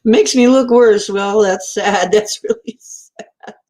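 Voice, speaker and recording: A woman's voice: medium pitch, slow pace, mellow. A woman hosting a casual live stream from home, greeting viewers by name and rambling in a giggly, stream-of-consciousness way. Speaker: livestream host.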